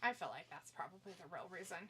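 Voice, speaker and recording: A woman's voice: fairly low pitch, lively intonation, fast talker, a bit bright, slight background noise. A woman co-hosting a live stream, chatting casually, teasing and laughing often while reading viewer comments. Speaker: stream co-host.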